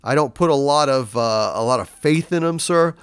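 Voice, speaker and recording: A man's voice: medium pitch, normal speed, clear, resonant tone, dry recording. A man hosting a live stream, chatting off the cuff as he answers viewer donations. He rambles, stammers over repeated words and swears casually. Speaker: livestream host reading viewer donations. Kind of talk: casual unscripted chat.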